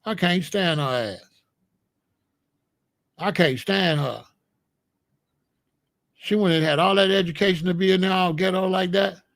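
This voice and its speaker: A man's voice: high voice, measured pace, gravelly, long pauses, a bit bright, no echo, clean studio sound. A man giving a blunt, emphatic, scolding monologue to viewers in a live chat, speaking as a commentator.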